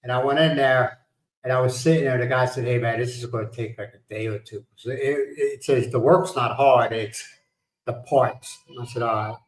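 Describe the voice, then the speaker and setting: A man's voice: mid-range voice, steady tone, moderate pace, roomy sound, low-quality recording. A middle-aged man hosting a livestream, telling stories in casual chat and laughing at his own punchlines. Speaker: livestream host.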